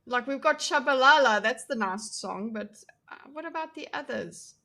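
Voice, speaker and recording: Bright chatty young woman streamer. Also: high voice, lively intonation, normal speed. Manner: chatty, self-deprecating, laughs often. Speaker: livestream host. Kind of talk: casual livestream chat reacting to chat.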